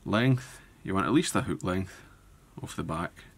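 A man demonstrating fly tying step by step, talking in a relaxed way as he works with his hands. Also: low voice, a little slow, gravelly. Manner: relaxed, thinking aloud while working with hands. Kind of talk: step-by-step tutorial narration.

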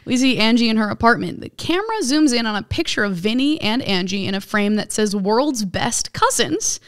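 A woman's voice: on the high side, lively intonation, normal speed, clear, resonant tone. A woman comedian reading her own comedy script aloud as narration, often laughing at her own jokes.

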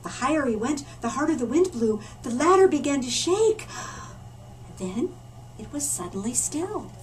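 A woman storyteller reading a picture book aloud to children in a library, animated and stopping for asides to her listeners. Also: sits high, moderate pace. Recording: distant mic with faint room noise.

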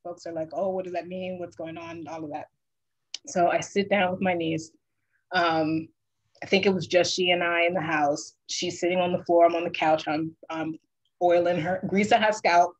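Animated low-voiced storyteller on a call. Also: female voice, moderate pace, poor audio. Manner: animated, laughing storyteller who acts out quoted voices. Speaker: guest dance artist. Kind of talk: casual storytelling on a video call.

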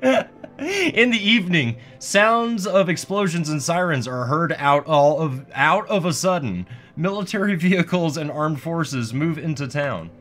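A man gives goofy, sarcastic let's-play commentary, swearing and getting excited as he plays. His voice sits fairly high and sounds bright and forceful. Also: a little slow, hardly any pauses, faint music behind. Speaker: gaming video host.

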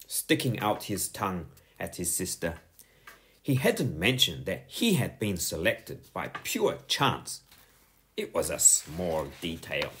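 A man narrating a children's audiobook in an expressive storytelling manner. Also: low-pitched.

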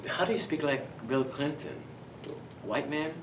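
A man's voice: on the high side, lively intonation, measured pace. A man chatting casually and laughing often while co-hosting a challenge video. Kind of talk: casual chat. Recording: echoey room, far from mic, loud noise.

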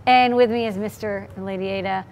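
A woman's voice: mid-range voice, steady tone, brisk, a little mellow. A woman from Boston hosting a live electronics show, upbeat and chatty. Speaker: host. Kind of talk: casual live show chat.

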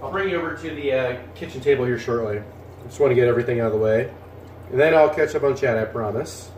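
A jokey man chats his way through a cooking livestream, talking while he moves things around and eats. His voice sits at an ordinary middle pitch. The room rings back around him, with a faint hum in the background. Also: quick pace, a little mellow, echoey room. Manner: chatty, jokey, talks while moving and chewing. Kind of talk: casual livestream chat. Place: home kitchen.

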